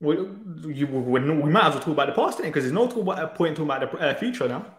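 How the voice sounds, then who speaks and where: A man's voice: on the high side, sing-song, racing, reverberant. A man, arguing insistently and with exasperation in a heated football debate. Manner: exasperated, insistent, talks over the other man. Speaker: debate guest.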